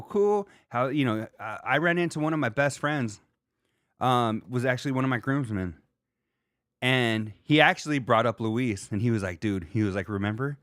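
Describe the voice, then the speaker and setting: A man's voice: mid-range voice, fairly bright tone, dry recording. Rambling, dry-voiced man hosting a livestream. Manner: loose and rambling, swears casually. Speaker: livestream host. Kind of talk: casual solo livestream chat reading viewer comments.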